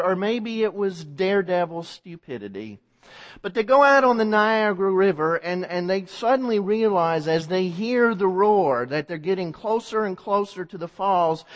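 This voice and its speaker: High-voiced preacher in an echoing hall. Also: male voice. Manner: vivid, repetitive storytelling with restarts. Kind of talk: sermon storytelling.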